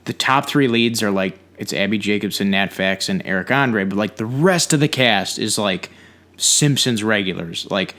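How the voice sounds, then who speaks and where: A man's voice: lowish voice, normal speed, bright, forceful tone. A man co-hosting a podcast, chatting in a laid-back, agreeable way with the occasional swear. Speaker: podcast co-host. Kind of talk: casual chat.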